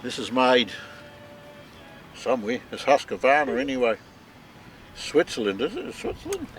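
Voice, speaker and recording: A man's voice: medium pitch, huge pitch swings, a little slow, a bit bright, faint music behind. Chatty New Zealand man at camp. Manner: chatty, peppers talk with "mate" and "eh". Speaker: vlog co-host. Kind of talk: casual outdoor vlog chat. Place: outdoor campsite.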